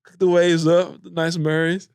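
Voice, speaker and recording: A man's voice: a little high, level tone, moderate pace, vocal fry, darkish tone, smooth, no echo, studio quality. Teasing man hosting a podcast. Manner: teasing, playful. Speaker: podcast host. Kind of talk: casual chat.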